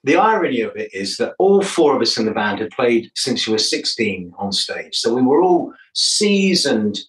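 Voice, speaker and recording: There are big pitch swings in this older man's medium-pitched voice as he talks at a moderate pace. He's a musician guest in a casual interview, a chatty, jokey storyteller who laughs a lot. The audio is roomy and far from the mic.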